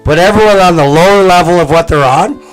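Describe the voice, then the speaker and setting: A man's voice: high-pitched, quick pace, faint music behind. A man hosting a livestream, chatting in a rambling, joking, heavily profane way. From Cape Breton, Canada. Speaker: livestream host. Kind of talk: casual party chat.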